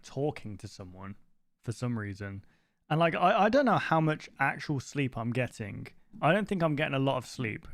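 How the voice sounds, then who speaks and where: Casual man reading aloud on stream. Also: dry recording. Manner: reads in a low voice, breaks off into casual asides. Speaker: streamer reacting to a horror series. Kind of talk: live-stream reaction, reading text aloud.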